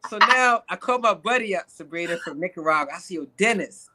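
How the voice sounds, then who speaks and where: An actor and comedian spins a comic story as an interview guest, his voice swooping up and down as he goes. His tone is bright and forceful, and he drops into put-on voices and bits of Spanish. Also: sits high, fast, a little hiss or hum. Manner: animated, slips into put-on voices and Spanish phrases.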